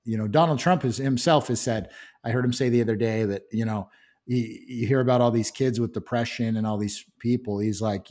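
A man's voice: mid-range voice, fairly quick, a little mellow. A man speaking as a guest in a casual interview, earnest, with frequent restarts and "you know".

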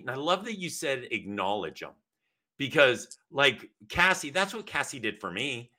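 A man hosting a podcast interview, talking in an animated, casual way with frequent restarts. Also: mid-range voice, a little slow. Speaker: podcast host.

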